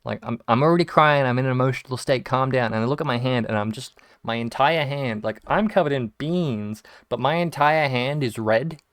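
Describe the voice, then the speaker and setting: A young Australian man rambles through casual stories, swearing and restarting his sentences as he goes. His voice is smooth and clear, recorded close and dry with no room sound. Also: mid-range voice, brisk, hardly any pauses, fairly bright tone, dry recording. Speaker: video game streamer. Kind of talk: casual storytelling while gaming.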